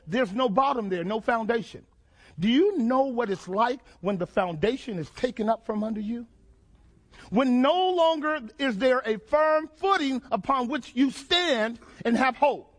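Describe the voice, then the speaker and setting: Male preacher, very high voice, dramatic sermon delivery with repeated questions. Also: fairly bright tone. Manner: dramatic, call-and-response questions, repeats phrases.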